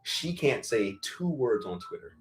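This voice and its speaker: Profane, lively-voiced farmer on a livestream. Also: male voice, mid-range voice, measured pace, a little hiss or hum. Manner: profane, blunt storytelling with laughs. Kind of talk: casual livestream chat. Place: farm in Virginia.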